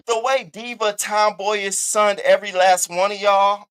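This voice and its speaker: A man hosting a casual live commentary stream, talking in an animated, sassy and profane way, repeating catchphrases and swinging his voice up high for emphasis. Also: unhurried, clean tone. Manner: animated, sassy and profane, with big swoops in pitch. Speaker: livestream host.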